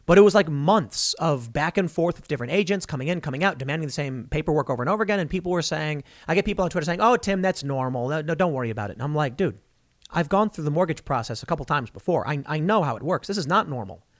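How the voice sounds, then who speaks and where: A man in his thirties holds forth in a rambling, opinionated political commentary monologue, his voice pitched a little high and swinging up and down animatedly. The sound is dry and close, with no room around it. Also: animated, fast talker, no room sound.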